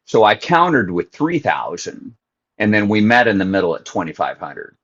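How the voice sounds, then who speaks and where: Middle-aged male guest, storyteller, lively swooping delivery, slightly dull lo-fi sound. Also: on the low side, normal speed. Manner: animated storyteller acting out both sides of a phone call. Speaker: podcast guest. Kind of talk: storytelling in an interview.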